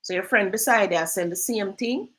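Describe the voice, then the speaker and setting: A woman hosting a casual real estate chat, telling lively stories and slipping into patois. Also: mid-range voice, moderate pace, low-quality recording. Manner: lively storyteller, drifts into patois. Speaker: real estate agent and host.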